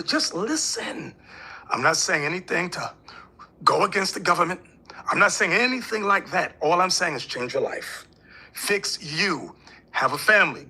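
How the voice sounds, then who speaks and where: Man, high-pitched voice, very bright and sharp, husky, preachy, emphatic interview talk. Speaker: religious leader.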